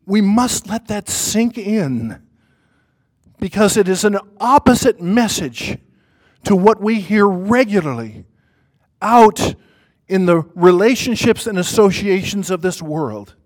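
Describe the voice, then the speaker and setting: A man preaching a sermon to a congregation in church, emphatic and repetitive, swinging from loud stress to hushed quiet. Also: sits high, lively intonation, takes it slowly.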